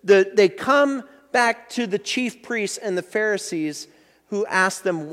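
A man's voice: sits high, expressive, takes it slowly, fairly bright tone, in a large hall. A man preaching a sermon as a pastor, explaining a passage in a conversational teaching manner with frequent restarts.

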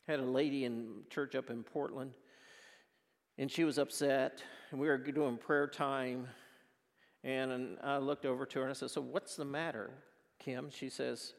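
A male pastor preaching a sermon, telling stories with passion and then praying quietly. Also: medium pitch, moderate pace, big-room sound. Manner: impassioned storytelling, closing in quiet prayer. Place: church.

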